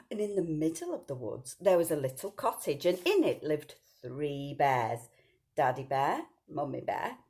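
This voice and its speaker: A woman's voice: fairly low pitch, a little mellow. A woman telling a children's story, sing-song and asking the listeners questions.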